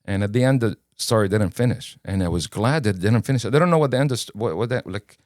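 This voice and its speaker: A man's voice: fairly low pitch, fast talker, no echo, clean studio sound. A man from Kuwait, a podcast guest telling his own story casually and acting out the dialogue as he goes. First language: Arabic. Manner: animated, casual storyteller who acts out dialogue. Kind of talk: personal storytelling in an interview.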